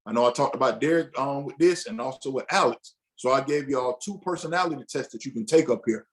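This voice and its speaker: A man's voice: medium pitch, brisk. A man leading a casual teaching session for a men's group, talking loosely with restarts and acting out what a husband might say to himself. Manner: conversational, loose, with frequent restarts and acted-out inner dialogue.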